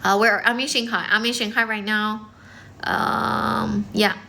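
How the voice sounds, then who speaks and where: Woman livestream English teacher, casual and fast-talking, bright tone, phone mic. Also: fairly high pitch, steady tone, creaky, slight background noise. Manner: fast, chatty, many fillers, mixes in some Chinese. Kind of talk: casual livestream chat with viewers. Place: indoors, in front of a decorated background.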